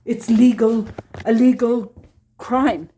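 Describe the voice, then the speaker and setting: A woman's voice: a little high, steady tone, slow, warm tone, a little hiss or hum. A woman speaking a personal monologue to camera as a parent, upset and pleading, repeating herself.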